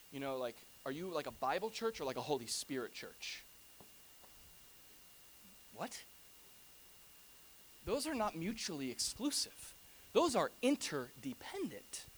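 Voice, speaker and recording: A man preaching a sermon to his church in a conversational, animated way, with humorous asides to the congregation. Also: high-pitched. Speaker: pastor.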